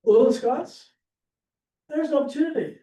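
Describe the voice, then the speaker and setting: High-voiced man lecturing in an echoey room. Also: animated, normal speed, dark tone. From Pennsylvania. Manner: chatty, rambling, with many fillers and restarts. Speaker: church class teacher. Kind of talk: informal history lecture. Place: church classroom. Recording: echoey room, distant mic, faint hiss.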